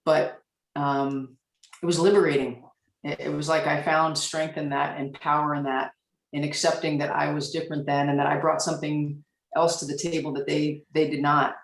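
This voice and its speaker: A woman in her forties, a police officer on a discussion panel, telling a candid story from her career in a reflective way with frequent pauses. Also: low-pitched, flat delivery, reverberant, far from the mic, low-quality recording.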